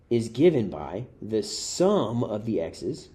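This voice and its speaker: A man walks through a math review problem, thinking aloud as he goes. His voice is mellow and a little breathy, and his pitch moves around a lot as he explains. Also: very animated, slow pace. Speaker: math teacher. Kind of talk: worked-example lesson.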